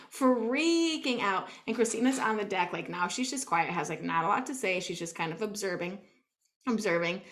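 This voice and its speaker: A woman co-hosting a podcast, telling a story in a casual, animated way, full of "like" and acting out what she said. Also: mid-range voice. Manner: animated, peppered with "like", acts out her own quotes. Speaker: podcast co-host.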